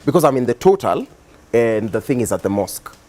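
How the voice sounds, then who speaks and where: A young Kenyan man speaks as a talk show guest in a mid-range voice. He tells his story in a relaxed, meandering way. He leans on fillers as he goes. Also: medium pitch, brisk. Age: young adult. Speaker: guest, activist and musician. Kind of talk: casual interview storytelling.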